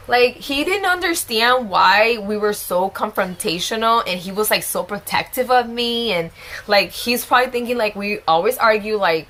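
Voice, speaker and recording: With a sharp tone, medium pitch, and moderate pace, a young adult vlogger shares a personal story from home, a small child with her. She's chatty and emotional, frequently exclaiming.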